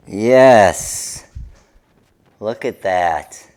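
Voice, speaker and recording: A man leads a live craft tutorial, explaining each step to his viewers. He talks at an unhurried, deliberate pace, his pitch sitting in the middle range. His manner stays upbeat and hands-on. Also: sing-song, darkish tone. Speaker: craft demonstrator.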